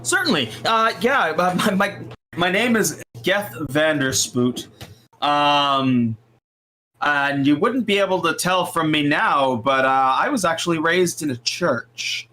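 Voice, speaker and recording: A man playing a tabletop game, speaking in character with hesitant, halting delivery. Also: a little high, lively intonation, sharp tone, faint music behind. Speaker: player. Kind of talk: in-character role-play.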